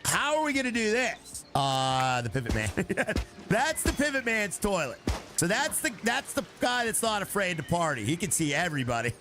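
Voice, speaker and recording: A man's voice: sits high, big pitch swings, normal speed, over music. A man playfully chatting with his viewers while streaming a building game, joking as he plays. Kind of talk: casual live game commentary.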